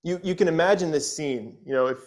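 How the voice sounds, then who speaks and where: A pastor with a fairly high-pitched voice, speaking a little fast, preaches an expository sermon in earnest. He often repeats words and checks in with "right?", and he reads scripture aloud with feeling.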